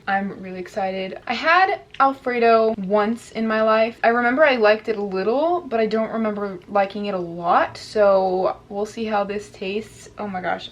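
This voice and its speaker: A woman's voice: mid-range voice, highs cut off. A young woman vlogger chatting casually to her viewers while she eats. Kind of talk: casual mukbang chat.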